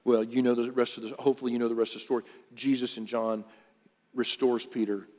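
An earnest male pastor preaches in a relaxed, conversational way, often restarting his sentences. His voice sits at a middling male pitch. A long reverb from the church hall hangs on his words. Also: fast talker. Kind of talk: sermon.

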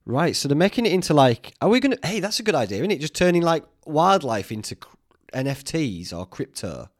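A man's voice: mid-range voice, very animated, brisk, dry recording. Male podcast host, casual rambling chat, self-deprecating, mid voice, dry studio sound. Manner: chatty, self-mocking, swears freely.

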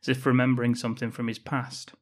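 A man's voice: medium pitch, monotone, fast. A man co-hosting a podcast, casually recapping a film's plot with dry, sweary remarks. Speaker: podcast co-host. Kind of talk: casual film-review chat.

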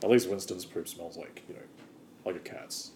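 A man's voice: sits low, moderate pace, mellow, a little hiss or hum. A man co-hosting a comedy podcast, meandering loosely in casual chat. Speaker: podcast co-host. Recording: roomy echo.

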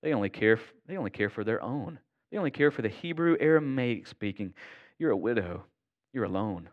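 A man voicing Satan as a sly tempter, speaking in a hushed, insinuating way. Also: mid-range voice, animated, brisk, lo-fi sound, lightly acted. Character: whispering Satan, sly tempter of lonely widows.

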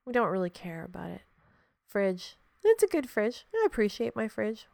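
A woman's voice: mid-range voice, big pitch swings, normal speed, gravelly, a little mellow, dry recording. A woman hosting a podcast in a casual, reflective monologue. She speaks frankly, swears freely, laughs often and talks straight to the listener. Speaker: podcast host.

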